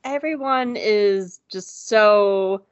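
A woman's voice: medium pitch, drawn-out words, clear, resonant tone, dry recording, highs cut off. A woman co-hosting a podcast in casual chat, giggly and self-deprecating, now and then swearing. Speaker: podcast co-host.

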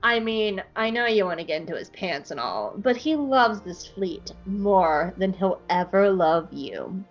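A woman's voice: medium pitch, animated, a little slow, dull audio, faint music behind, pitched below the performer's own voice. A woman voicing a jaded male officer who drawls sarcastically. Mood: sarcastic.

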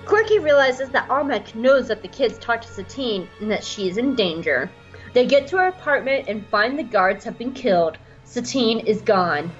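Animated, chatty woman podcaster. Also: fairly high pitch, normal speed. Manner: animated, laughing, self-correcting. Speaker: podcast co-host. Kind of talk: comedic episode recap. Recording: dull lo-fi sound with faint music.

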